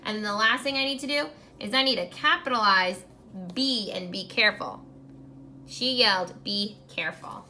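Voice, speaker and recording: Bright-voiced woman teaching grammar. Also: mid-range voice, a little hiss or hum. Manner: clear, encouraging, speaks slowly while writing on a whiteboard. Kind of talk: recorded grammar lesson for young students.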